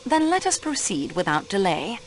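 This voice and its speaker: Actress as a composed French woman investigator in a game, courteous, lively pitch. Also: moderate pace, slight background noise, close to an everyday voice. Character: calm, polite French female investigator. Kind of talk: video game voice acting.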